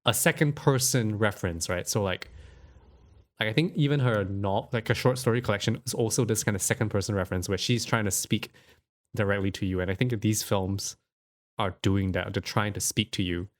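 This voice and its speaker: A man's voice: lowish voice, fairly quick. A man co-hosting a podcast, chatting casually about films with many fillers and frequent laughs. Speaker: podcast co-host. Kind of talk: casual film discussion.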